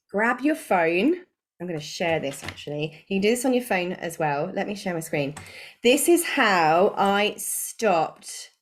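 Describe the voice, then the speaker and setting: Chatty woman coaching a webinar. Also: mid-range voice. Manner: chatty and informal, laughs often. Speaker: online business coach. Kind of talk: live training webinar. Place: home spare room.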